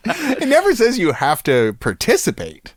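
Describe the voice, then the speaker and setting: A man's voice: sits high, huge pitch swings, normal speed, no echo, studio quality. Giggly man with a wildly swooping voice. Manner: giggly, teasing, laughs often. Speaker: podcast co-host. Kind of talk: casual comedic chat.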